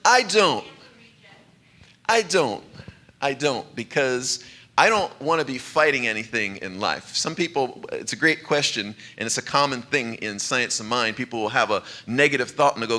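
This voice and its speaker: Bright-voiced male minister. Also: medium pitch, animated, normal speed. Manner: conversational and light, laughing often. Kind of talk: sermon. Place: church sanctuary.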